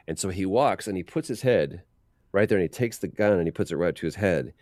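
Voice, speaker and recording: A man as an interview guest, telling animated behind-the-scenes stories and acting out quotes with frequent restarts. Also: low voice, quick pace, dry recording, studio quality. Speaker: voice actor guest. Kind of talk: casual interview storytelling.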